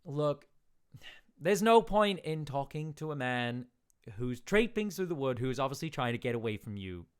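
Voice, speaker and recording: A man's voice: medium pitch, sing-song, moderate pace, clean tone, voice pushed up, lightly acted. Dude doing a rambly pushy merchant guy in his 30s, kinda impatient. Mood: wheedling. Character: pushy young male merchant in his thirties.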